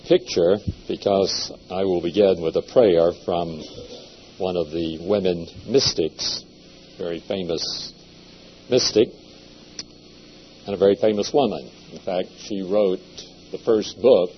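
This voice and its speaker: A man giving a seminary lecture in a measured, deliberate way, with occasional hesitations. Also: sits low. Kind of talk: classroom lecture. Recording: dull lo-fi lecture recording with faint hum.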